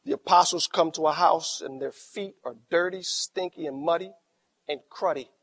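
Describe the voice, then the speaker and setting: A middle-aged man preaches as pastor in a fairly high voice. He drops to near quiet in his stories, then rises into loud, emphatic lines. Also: moderate pace. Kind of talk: sermon.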